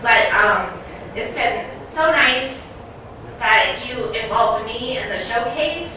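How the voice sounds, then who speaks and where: A woman's voice: a little high, animated, slow, background noise. A woman giving an emotional, laughing thank-you speech at a retirement party. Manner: laughing, chatty, raising a beer between thanks. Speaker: guest speaker at a retirement roast. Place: large banquet hall at a bowling event. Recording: echoey hall, distant mic, loud crowd.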